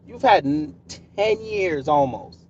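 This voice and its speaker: A man with a fairly high speaking voice rants to his live-stream chat, combative and sarcastic as he answers the comments. The sound is dull and lo-fi, with a faint car hum behind him. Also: lively intonation, slow, recorded from a distance. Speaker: livestream host.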